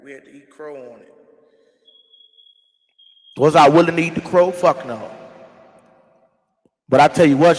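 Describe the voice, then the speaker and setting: A man hosting a casual livestream, ranting in a rambling, slangy, profane way. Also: fairly high pitch. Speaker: livestream host. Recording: echoey room with long reverb.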